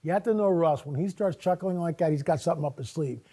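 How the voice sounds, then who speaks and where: A man guest on a talk show, telling a personal story in a casual, animated way and acting out his own dialogue. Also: on the high side, fast, husky. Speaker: guest speaker.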